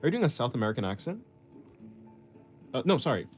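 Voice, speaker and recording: A young man talks through a drawing stream, answering comments in a loose, rambling way and laughing at his own slips. His voice is lively and swings widely in pitch. Soft music plays faintly behind him. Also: quick pace. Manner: rambling, self-deprecating, laughs often. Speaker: artist streaming while drawing. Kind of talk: casual chat reading viewer comments.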